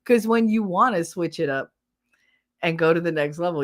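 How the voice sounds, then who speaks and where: Low-voiced blunt middle-aged woman. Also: normal speed. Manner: blunt, rambling storyteller. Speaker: livestream host. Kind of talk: casual chat.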